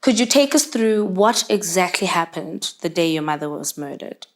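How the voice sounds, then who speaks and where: A woman with a somewhat low voice hosts an interview. She asks her questions gently and at a measured, careful pace. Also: animated. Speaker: talk show host. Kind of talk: interview host.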